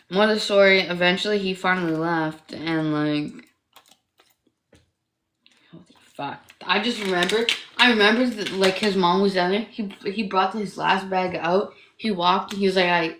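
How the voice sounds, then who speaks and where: A woman's voice: mid-range voice, moderate pace, pauses often, fairly bright tone, roomy sound, a little hiss or hum. A young woman in her twenties from Canada, telling a personal story in casual livestream chat, rambling and profane, with constant fillers like "like". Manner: rambling, profane, heavy use of "like".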